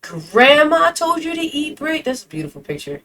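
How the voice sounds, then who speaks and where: A woman's voice: high-pitched, big pitch swings, normal speed, pushed and bright. A woman hosting a reaction video, gasping and exclaiming as she comments on clips.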